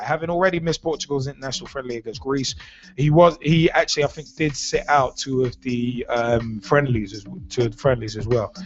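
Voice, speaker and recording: A man's voice: on the high side, dull audio. A man hosting a live football podcast, reading news with a rambling, self-correcting and giggly manner over an online call mic. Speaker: host.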